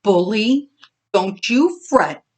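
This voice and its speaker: A woman voicing Oakley, a gentle motherly female farm animal who soothes and consoles in a storybook reading. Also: mid-range voice, animated, takes it slowly. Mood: soothing.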